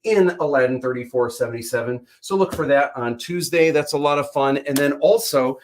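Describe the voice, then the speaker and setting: A male livestream host running through upcoming plans in an upbeat, chatty way, often pausing on um and uh. His pitch is middling and his delivery is casual. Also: a little hiss or hum. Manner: upbeat announcer-like, hesitant with fillers.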